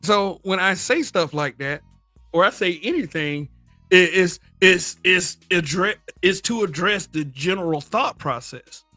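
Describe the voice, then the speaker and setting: Blunt, profane Southern man, bright voice. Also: high-pitched, animated, a little slow, dry recording, faint music behind. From American South. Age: middle-aged. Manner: profane, blunt, laughs often, talks back to chat. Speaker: livestream host. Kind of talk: casual livestream commentary.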